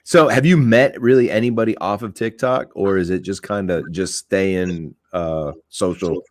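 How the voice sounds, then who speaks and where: A man's voice: sits low, moderate pace, no room sound, clean studio sound. A man hosting a podcast interview, laid-back and joking with his guest. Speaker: podcast host.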